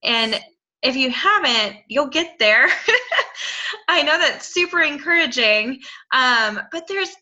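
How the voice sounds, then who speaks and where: A woman's voice: sits high, expressive, takes it slowly, sharp tone. A woman leading a team video call, talking frankly and encouragingly. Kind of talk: casual video call chat.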